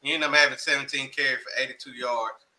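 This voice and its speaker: A man's voice: mid-range voice, fairly even intonation, fast, sharp tone, rough recording. A laid-back man co-hosting a sports picks show, using slang and reading off game stats. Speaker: co-host. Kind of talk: casual sports chat.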